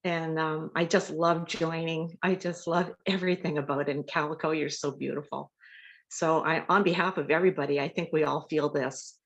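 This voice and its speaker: A woman's voice: sits low, fairly even intonation, moderate pace, lo-fi sound. A woman sharing in a spiritual group, nervous and effusive, searching for words. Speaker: community member sharing.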